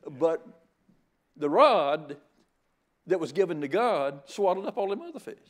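A man's voice: on the high side, animated, a little slow. An older man giving a sermon as a guest preacher. He jokes in a folksy way and often stammers into restarts.

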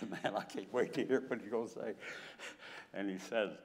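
A man's voice: on the low side, fairly even intonation, moderate pace. A man in his nineties preaching a sermon, telling stories and chuckling often as he acts out scripture. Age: 90s.

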